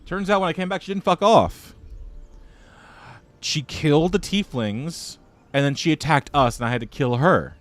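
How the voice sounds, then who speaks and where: A man's voice: fairly high pitch, lively intonation, normal speed. A young man streaming a video game, joking around theatrically and talking to his chat. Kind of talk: casual gameplay commentary.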